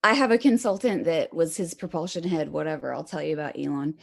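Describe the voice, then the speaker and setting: Lower-pitched woman rambling away, swears a lot, laughs mid-sentence. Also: fast, creaky. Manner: rambling, profane, laughs often. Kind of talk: casual rambling chat.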